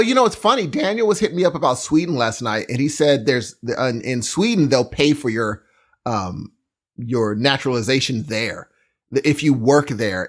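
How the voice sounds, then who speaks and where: Playful, teasing male podcast co-host. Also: mid-range voice. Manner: playful, teasing, quick to laugh. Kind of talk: casual chat.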